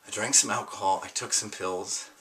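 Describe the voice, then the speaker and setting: A young adult with a bright, forceful tone gives a raw, unscripted personal testimony. The delivery is impassioned and sometimes profane, dropping low and quiet and then rising into heated outbursts. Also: steady tone, normal speed. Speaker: vlogger sharing a personal story.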